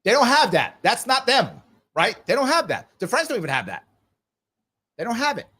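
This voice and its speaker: Hosting a live political discussion, a middle-aged man talks at normal speed in a very high voice with a breathy edge. He is animated and emphatic, pressing his points through repetition.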